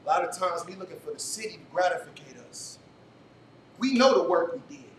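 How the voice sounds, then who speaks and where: A man's voice: high voice, animated, brisk. Hype man host in an echoey hall. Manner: hype, call-and-response with the crowd, storytelling. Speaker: event host. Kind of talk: motivational talk to a live audience. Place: event venue before a crowd. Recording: echoey room from far off, faint noise.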